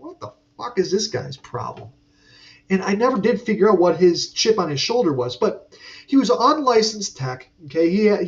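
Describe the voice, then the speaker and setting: A man with a fairly high voice tells an off-the-cuff work story, cursing freely and drifting into asides. He sounds a little distant from the mic. The recording has a dull, muffled tone. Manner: rambling and profane, with frequent fillers and asides. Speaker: aircraft mechanic podcast host. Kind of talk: casual storytelling monologue.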